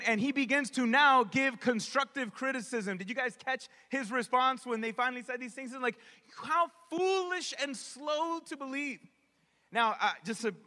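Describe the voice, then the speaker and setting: A man preaching a sermon as a pastor, talking in a lively, conversational way and acting out voices. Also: very high voice. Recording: echoey hall with long reverb.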